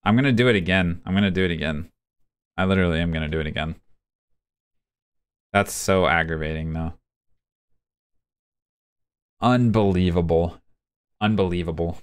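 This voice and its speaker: A man's voice: deep voice, quick pace, pauses often, clean tone. A man commentating his own gameplay live, venting frustration and talking to his chat. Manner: frustrated, talks to himself and chat while playing. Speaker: gaming streamer. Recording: music playing behind.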